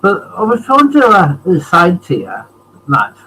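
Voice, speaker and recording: A man's voice: sits high, huge pitch swings, measured pace, bright, forceful tone, a little hiss or hum, poor audio. A man joining a chat from his computer at home on a laptop camera mic, hesitant and apologetic. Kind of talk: casual chat.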